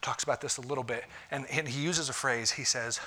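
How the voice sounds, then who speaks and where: A man preaching a conversational sermon as a pastor, moving between punchy lines and hushed asides. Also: mid-range voice, steady tone, fairly quick. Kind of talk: sermon on marriage.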